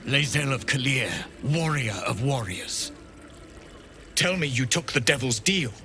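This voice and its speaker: Brief: commanding game warrior, tense, forceful delivery. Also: male voice, medium pitch, animated, measured pace, soft background music. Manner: commanding, imperious. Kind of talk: video game dialogue.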